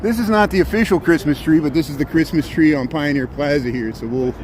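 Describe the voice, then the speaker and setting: A man's voice: fairly high pitch, fairly quick. A man narrating a live stream as he walks city streets, chatting and greeting viewers by name, recorded on a handheld phone. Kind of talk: casual live-stream narration while walking. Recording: loud street traffic noise.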